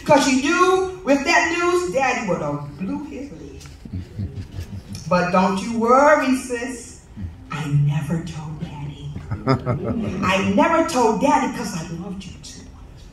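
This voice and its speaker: High animated woman reciting in a hall. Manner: animated, laughs through lines, swings from loud to hushed. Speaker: family member giving a eulogy. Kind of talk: spoken-word poem recital. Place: funeral service hall. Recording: echoey hall from far off.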